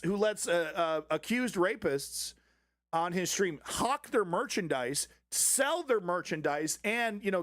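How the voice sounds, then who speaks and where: A man's voice: high voice, dry recording, studio quality. A man hosting a live commentary stream, ranting sarcastically and swearing often. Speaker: host.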